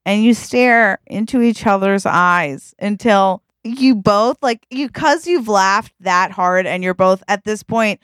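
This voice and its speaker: A woman's voice: mid-range voice, slow, few pauses, fairly bright tone, smooth, no echo, studio quality. A woman co-hosting a podcast, improvising a silly romantic story with a giggly, playful manner and quoted voices. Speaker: podcast co-host.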